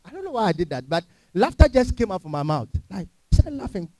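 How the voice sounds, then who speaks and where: Lively high-voiced pastor preaching. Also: male voice, quick pace, no room sound. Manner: emphatic preaching with rhetorical questions to the congregation. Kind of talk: sermon. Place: church.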